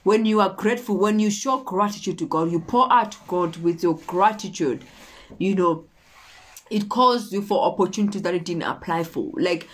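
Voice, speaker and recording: A woman's voice: lowish voice, normal speed. A woman preaching a motivational sermon, repeating her points and checking in with her listeners. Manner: repetitive, exhorting, often checking in with "okay?".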